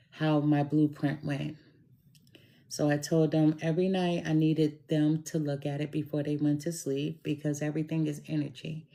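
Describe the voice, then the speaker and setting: Slow, low-voiced woman telling a story. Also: gravelly, mellow. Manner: slow, deliberate and emphatic, addresses listener directly. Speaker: tarot reader telling a personal story. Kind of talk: casual storytelling monologue.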